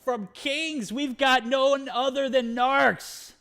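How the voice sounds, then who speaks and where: A man's voice: very high voice, steady tone, a bit bright. A man casting a live esports stream, hyped and bantering as he runs through player names. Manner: hyped, rapid name-listing banter. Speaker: esports caster.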